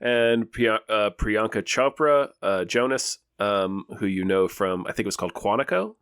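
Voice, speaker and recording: A man's voice: on the low side, lively intonation, normal speed, fairly bright tone, clean tone, no echo, clean studio sound. A man co-hosting a podcast, chatting casually about new movies with a rambling, exasperated manner. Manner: rambling, restarts, exasperated jokes. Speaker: podcast co-host.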